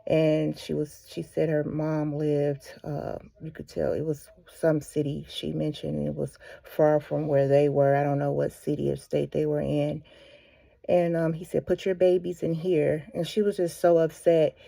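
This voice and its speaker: A woman's voice: low-pitched, little pitch movement, a little slow, creaky, dark tone, no room sound. A woman speaking for a ministry, retelling a story casually with many fillers and restarts. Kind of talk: casual spoken devotional.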